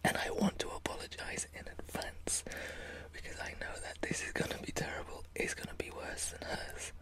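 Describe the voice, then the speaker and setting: A British woman chatting in a soft whisper for her ASMR vlog, friendly and apologetic. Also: normal speed. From Britain. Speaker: ASMR channel host.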